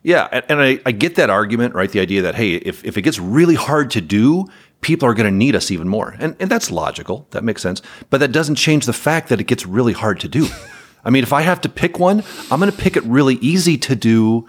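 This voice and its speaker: Guesting on a podcast, the owner of a property management company talks in an animated, medium-pitched voice that's a little fast. His manner in the interview conversation is candid and wry, with chuckles.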